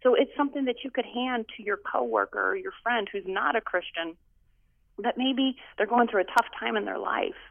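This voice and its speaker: A woman pastor and author, guest on a phone interview, talking in an animated, emphatic way. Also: on the high side, normal speed, creaky, no room sound. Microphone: phone line. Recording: tinny phone line.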